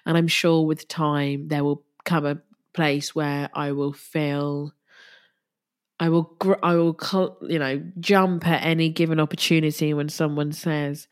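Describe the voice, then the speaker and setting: A woman hosting a podcast, talking haltingly and tearfully in a personal monologue, with restarts and soft sighs. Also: low-pitched, flat delivery. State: tearful, crying at times. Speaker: podcast host.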